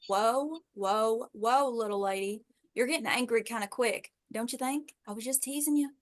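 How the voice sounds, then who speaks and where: Woman voicing a teasing, sarcastic young Texan woman, slightly high voice, audio drama. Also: moderate pace, natural voice. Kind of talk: amateur audio drama reading.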